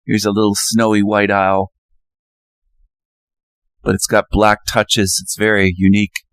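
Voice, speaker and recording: A man with a low-set voice monologues over a slideshow of images, circling back to the same phrases and jumping into loud, emphatic bursts. The sound is dry and close, with no room around it. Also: completely flat delivery, a little slow, clean tone, no echo. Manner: ranting, repetitive, emphatic bursts. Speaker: channel host.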